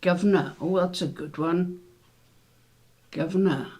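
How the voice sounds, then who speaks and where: A man's voice: high-pitched, a little slow, dark tone, husky. A man hosting a casual word quiz, musing aloud over the letters and spelling words out. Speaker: quiz host.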